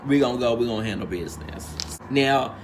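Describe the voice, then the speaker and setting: A reality show recap host, a man with a medium-pitched voice, talks fairly quickly over a noisy background. He keeps the recap casual, using sassy, profane drag slang and acting out quotes in altered voices.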